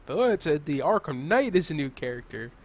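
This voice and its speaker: A young man co-hosting a video game chat, talking loosely and profanely, laughing easily and getting excited. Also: on the high side, brisk. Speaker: gaming channel co-host. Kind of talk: casual chat.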